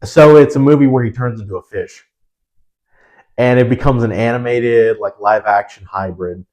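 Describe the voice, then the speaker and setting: A man's voice: medium pitch, moderate pace, darkish tone, dull audio. A young man chatting casually as a podcast co-host, rambling with lots of fillers and restarts. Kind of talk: casual chat.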